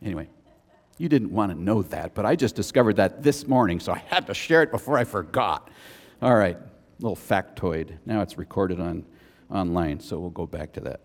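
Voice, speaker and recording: A man's voice: sits low, lively intonation, moderate pace. A man preaching a sermon as a pastor, conversational, with chatty asides between points. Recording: long reverb of a church hall.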